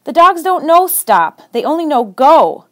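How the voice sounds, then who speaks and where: A woman's voice: high-pitched, big pitch swings, unhurried, pitched above the performer's own voice. A proud, bossy teenage girl sled-dog racer who speaks curtly and sharply, as a woman reads her lines. Her voice stays close to the reader's own. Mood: scornful.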